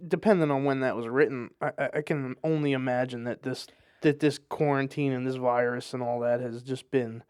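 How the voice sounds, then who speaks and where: A man's voice: medium pitch, steady tone, a little fast, a little mellow, smooth, no echo, clean studio sound. A middle-aged man co-hosting a parenting podcast, telling stories in a laid-back way with many fillers. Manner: laid-back, fillers like uh, acts out quoted voices. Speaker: podcast co-host. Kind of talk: casual storytelling.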